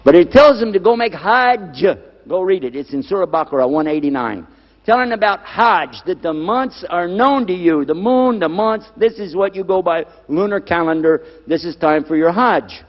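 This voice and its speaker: A man's voice: high-pitched, expressive, moderate pace. A man preaching on scripture to a live audience, stressing key words again and again and asking his listeners questions. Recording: dull lo-fi recording with long hall reverb.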